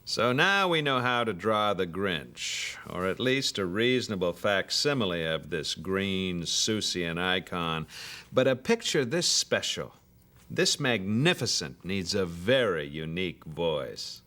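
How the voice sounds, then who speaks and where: A man's voice: low voice, a little slow. A man hosting a documentary in playful, scripted narration. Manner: lively, playful. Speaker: host.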